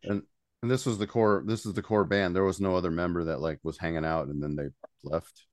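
Older guy hosting a chat, low voice, dry close sound, laid back and jokey. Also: steady tone, a little fast, no room sound. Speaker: podcast host. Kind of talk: casual interview chat.

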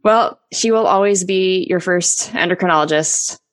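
A woman's voice: fairly low pitch, moderate pace. A woman in her thirties co-hosting a podcast, upbeat and organized in her chat. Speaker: podcast co-host.

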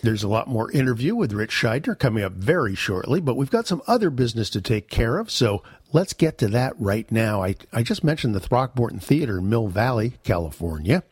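A man's voice: mid-range voice, big pitch swings, a little fast, few pauses, husky, no echo. A man hosting a comedy podcast, talking in a folksy, chatty and self-mocking way. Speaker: podcast host. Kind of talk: casual podcast talk.

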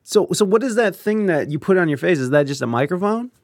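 A man interviewing a guest in a casual chat, reacting quickly and joking around. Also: sits high, lively intonation, dry recording.

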